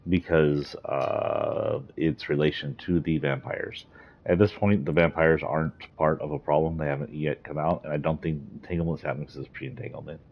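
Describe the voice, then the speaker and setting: A man hosting a casual video about a game's story, rambling a little with fillers as he reviews it. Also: a bass voice. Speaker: gaming video host. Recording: dull lo-fi recording.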